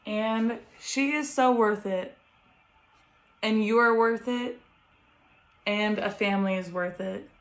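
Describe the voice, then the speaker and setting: Sitting at home in a bedroom lit by a ring light, a young woman who has just become a mother shares a heartfelt vlog, warm and encouraging, with plenty of laughter. Her voice sits on the high side and sounds a bit bright.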